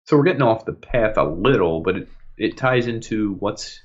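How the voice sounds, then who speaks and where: A man's voice: lowish voice, moderate pace, highs cut off. A man co-hosting a casual podcast chat, telling stories with lots of laughter and acted-out quotes. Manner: animated storytelling, acts out quotes, laughs a lot. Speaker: podcast co-host.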